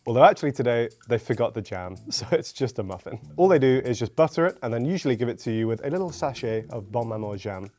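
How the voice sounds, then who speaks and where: A British man presenting menu items in a casual food review, speaking at a middle pitch. His delivery is matter-of-fact with a dry, wry edge. Faint music sits under his voice. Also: expressive, fast talker, hardly any pauses, dark tone. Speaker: food show host.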